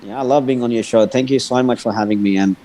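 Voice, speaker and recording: A man's voice: mid-range voice, fairly even intonation, fast, warm tone, rough recording. A man from India with an Indian accent, a guest chatting casually on a video call and joking crudely. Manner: joking, crude, laughs often. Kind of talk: casual chat.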